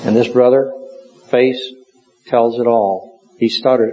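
Male preacher, mid-pitched, measured and earnest, slightly muffled audio. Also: level tone, mellow, slight background noise. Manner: measured, earnest storytelling delivery. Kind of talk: sermon. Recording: dull lo-fi recording.

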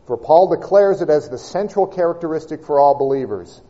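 A man preaching a sermon, reading and expounding scripture with measured, emphatic delivery and slowed key words. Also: fairly high pitch, animated, warm tone, dull audio.

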